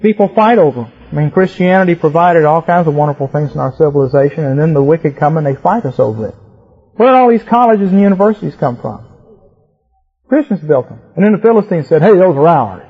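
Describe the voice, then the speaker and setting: A man's voice: on the high side, animated, fast talker, slightly rough, highs cut off. A man preaching a sermon that teaches on scripture, emphatic and rhythmic, with repeated words for stress.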